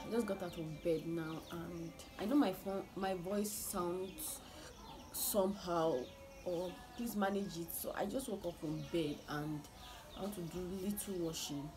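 A woman's voice: fairly low pitch, a little slow, noisy background. A young woman chatting to her viewers in a casual vlog from home, laughing often and restarting her sentences. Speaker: vlogger.

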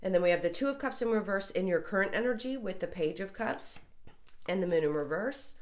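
A woman's voice: medium pitch, lively intonation, brisk. A woman tarot reader talking casually through a reading, congested and getting over being sick, chatty with apologetic asides. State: congested, recovering from illness.

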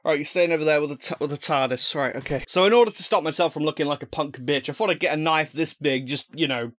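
At home, a young man with a fairly high, slightly bright voice quickly unboxes fan mail into a desk microphone for his vlog. He rambles and jokes casually, his speech full of fillers and restarts.

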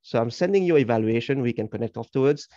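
Man, warm low timbre, encouraging speech feedback, dry, dull lo-fi call audio. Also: lively intonation, fast, dry recording. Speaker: speech evaluator. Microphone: video call.

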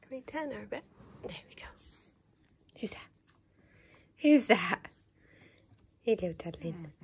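A woman cooing to her dog and a baby at home, in a soft sing-song way. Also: medium pitch, lively intonation, slow, slight background noise. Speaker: dog owner filming her pets. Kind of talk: cooing baby and pet talk. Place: home, indoors.

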